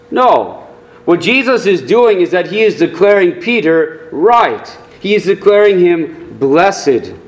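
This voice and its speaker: A man preaching a sermon as a pastor, earnest and deliberate, rising in emphasis on key points. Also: sits high.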